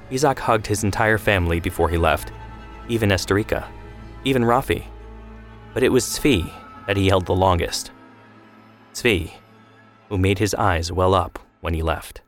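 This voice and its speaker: Guy narrating a story, low voice, quiet music underneath. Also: moderate pace, long pauses.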